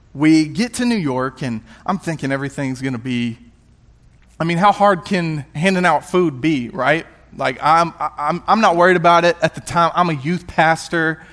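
A male youth pastor and worship leader telling a personal testimony in a sermon, animated and self-mocking, with quick restarts. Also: fairly high pitch.

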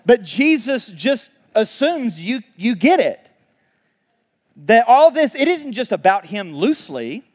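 A man preaching a sermon, retelling a story in a casual, animated way with laughs and quick asides. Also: very high voice, long reverb tail. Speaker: pastor.

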